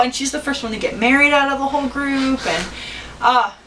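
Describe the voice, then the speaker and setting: A woman's voice: sits high, fairly quick, pushed and bright, far from the mic, a little hiss or hum, low-quality recording. A woman talking about a movie with her daughter in a chatty, rambling way, now and then acting out lines in put-on voices. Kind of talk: casual chat.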